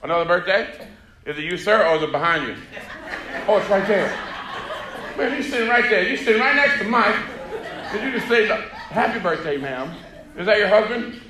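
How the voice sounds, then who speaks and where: High-voiced comedian teasing the crowd. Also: male voice, a little fast, pauses often. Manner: teasing, chatty, talks to the audience. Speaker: stand-up comedian. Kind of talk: stand-up crowd work. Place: comedy club stage. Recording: echoey live venue with crowd.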